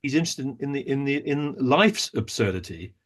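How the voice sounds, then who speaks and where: A man's voice: mid-range voice, lively intonation, moderate pace, a bit bright. A man, an actor and director, speaking as a podcast guest, talking at length in a thoughtful, storytelling way. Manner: thoughtful storyteller, talks at length with many small restarts. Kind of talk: interview conversation.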